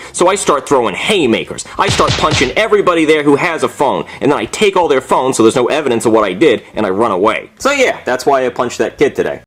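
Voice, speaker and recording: A young man telling absurd comic stories with rambling, indignant deadpan. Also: fairly high pitch, quick pace, hardly any pauses. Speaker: comedic storyteller.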